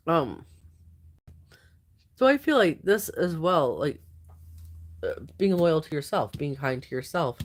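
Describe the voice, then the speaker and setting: A woman's voice: low voice, sing-song, slow pace, pauses often. A woman giving a casual weekly tarot reading, sleepy and yawning, rambling with loose fillers and trailing thoughts. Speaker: tarot card reader.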